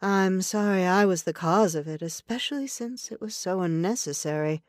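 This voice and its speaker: A woman's voice: fairly low pitch, moderate pace, no room sound, clean studio sound, close to an everyday voice. Woman voicing a composed frontier wagon woman. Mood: earnest. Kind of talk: audiobook character voice.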